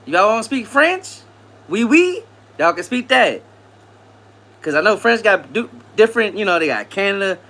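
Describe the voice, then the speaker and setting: This man runs a live stream, answering chat in a laid-back, slang-heavy way and laughing a lot. He has a bright, fairly high male voice whose pitch jumps around widely from one line to the next.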